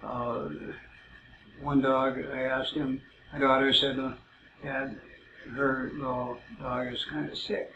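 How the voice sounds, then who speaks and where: Man, casual storyteller, halting and rambling, gravelly flat delivery, muffled noisy roomy recording. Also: medium pitch. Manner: rambling, many "uh" fillers, halting. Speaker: self-described psychic telling stories.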